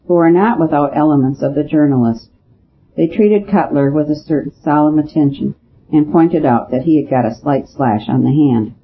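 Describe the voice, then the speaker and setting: A man narrating a storybook as an audiobook reader, reading in a measured, steady way. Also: on the high side. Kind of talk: scripted narration. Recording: dull lo-fi with faint hiss.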